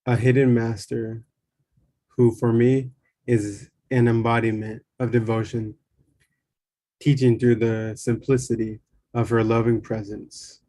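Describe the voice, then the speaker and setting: Man, slow memoir reading, calm measured delivery, flat pitch, dark mellow tone. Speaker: reader.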